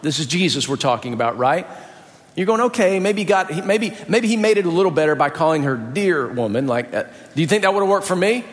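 A man from the US South preaching a sermon as pastor, folksy and lively, joking about his own mother. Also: high voice. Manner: animated, folksy, jokes about his mom with playful impressions. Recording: long hall reverb.

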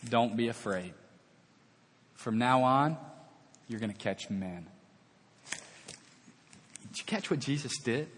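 Animated preacher in a reverberant hall. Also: male voice, medium pitch, husky. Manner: dramatic storytelling, acting out dialogue. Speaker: pastor. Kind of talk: sermon. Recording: long reverb of a large hall.

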